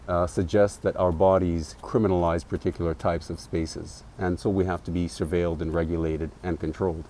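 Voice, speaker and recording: A man in his forties recalling an experience in an interview, in a measured, reflective way with occasional fillers. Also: sits low, level tone, dark tone, a little hiss or hum. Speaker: academic interviewee. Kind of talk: interview recollection.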